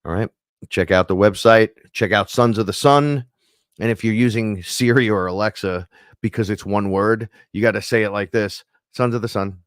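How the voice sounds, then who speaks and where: Brief: very low-voiced New host, loose profane live-stream rambler, dry close sound. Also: male voice, normal speed, no room sound. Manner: rambling, profane, laughs often. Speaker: podcast host. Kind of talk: casual live-stream monologue.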